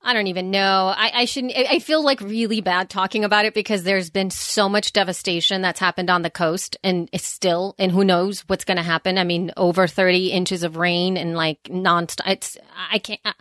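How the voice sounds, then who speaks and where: A woman's voice: medium pitch, fairly even intonation, moderate pace, hardly any pauses, fairly bright tone, no room sound, studio quality. Rambling, chatty woman podcaster. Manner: rambling, many fillers and restarts, laughs easily. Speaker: podcast co-host. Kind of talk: casual chat.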